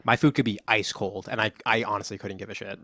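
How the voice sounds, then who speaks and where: A man's voice: on the low side, fairly even intonation, fast, pushed and bright, dry recording. Laid-back young man, dry mic. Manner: laid-back, swears often, frequent restarts. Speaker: podcast co-host. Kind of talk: casual chat.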